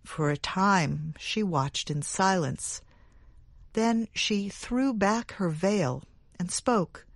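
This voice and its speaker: Slow, dry-voiced woman narrating a story. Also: mid-range voice, gravelly, dry recording. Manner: measured, even storytelling. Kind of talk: audiobook narration.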